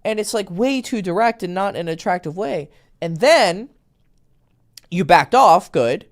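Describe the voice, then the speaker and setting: Lively, animated man coaching on dating. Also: high voice, moderate pace. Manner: animated storytelling, acts out quoted texts; blunt, swears casually. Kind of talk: casual podcast conversation.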